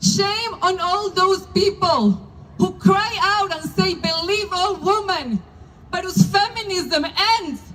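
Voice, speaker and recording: A woman from Argentina gives a fiery protest speech at an outdoor rally. Her voice sits very high. She speaks in slow, deliberate, emphatic phrases, like a religious leader stirring the crowd. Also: fairly bright tone, poor audio. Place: outdoor demonstration.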